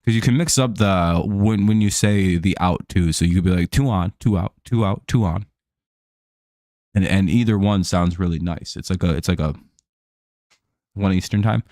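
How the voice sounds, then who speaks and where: A man's voice: sits low, normal speed, a little mellow, dry recording, clean studio sound. A man hosting a live stream, casually commenting on a baseball game, rambling with many fillers and restarts and frequent chuckles.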